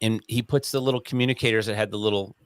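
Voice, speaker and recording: Animated, swearing male storyteller, dry sound. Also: lowish voice, rapid-fire, clean tone, no echo. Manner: animated, acts out quoted voices, swears casually. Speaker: interview guest. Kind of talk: casual storytelling.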